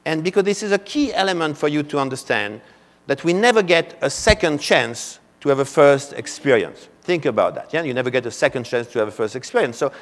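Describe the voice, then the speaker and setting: A French-accented man in his seventies delivers a keynote in a big convention hall, and his fairly high voice rings with a long reverb. He tells personal stories in a loose, anecdotal way and keeps adding "you know" as he goes. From France. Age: 70s. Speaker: keynote speaker. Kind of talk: conference keynote storytelling.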